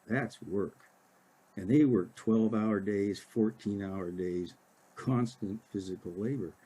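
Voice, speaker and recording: An older man from Oregon, an author giving a casual library talk, halting with many fillers and restarts. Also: on the low side, warm tone, slightly rough.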